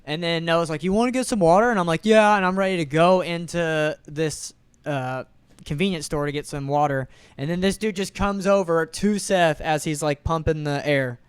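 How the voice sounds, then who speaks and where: Young male podcast co-host, animated casual storyteller, clean dry close-mic sound. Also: on the high side, normal speed, smooth, dry recording. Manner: animated storyteller, acts out quotes, swears casually. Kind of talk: casual chat.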